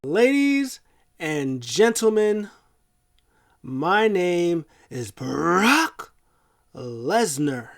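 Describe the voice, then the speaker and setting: A man impersonating a hulking male wrestling champion making a slow, drawn-out ring announcement. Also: sits high, sing-song, voice pushed up, full character voice. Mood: grandiose.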